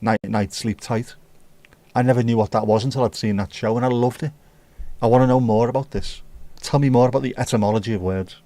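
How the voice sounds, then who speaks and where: A man's voice: medium pitch, steady tone, brisk, mellow, no room sound. British guy chatting on his stream, reads out comments and riffs, bit sweary, dry close sound. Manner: reads viewer comments aloud and riffs on them; chatty, opinionated, mildly profane. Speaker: livestream host. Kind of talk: casual livestream chat.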